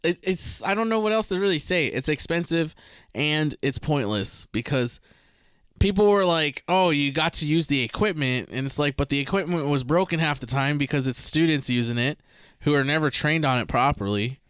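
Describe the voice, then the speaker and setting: A young man co-hosting a podcast in casual chat, relaxed and rambling, laughing easily. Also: on the high side, moderate pace, clean tone, dry recording, clean studio sound. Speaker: podcast co-host.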